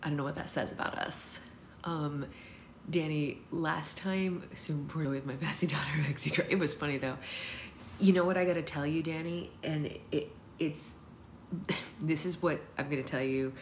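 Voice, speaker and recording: A woman's voice: low voice, steady tone, moderate pace, slight background noise. A woman hosting a casual book club livestream from her home, chatting and laughing with lots of "like" fillers. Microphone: phone livestream.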